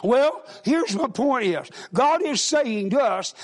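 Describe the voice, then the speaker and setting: A man's voice: extremely high pitch, animated, takes it slowly, hardly any pauses. A man preaching a sermon in a folksy way, calling out to the congregation and often repeating and restarting his words.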